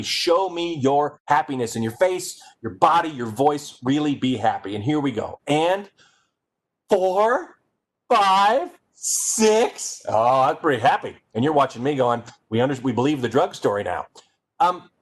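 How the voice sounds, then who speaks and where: Playful man giving a comic talk. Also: medium pitch. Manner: playful, energetic, addresses the audience directly. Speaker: keynote speaker. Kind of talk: comedic presentation.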